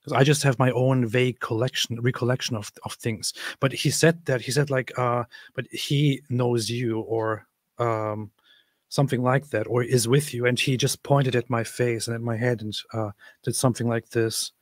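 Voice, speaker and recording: A man telling a personal story in a reflective, halting way, often restarting his sentences. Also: medium pitch, fairly even intonation, dry recording, clean studio sound. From United States.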